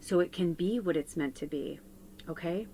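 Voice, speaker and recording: Female tarot reader and medium, lower-pitched, casual and candid with a frank mouth, earnestly encouraging her audience. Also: normal speed, warm tone, a little hiss or hum, low-quality recording. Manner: candid and chatty, swears freely. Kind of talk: casual spiritual chat to viewers.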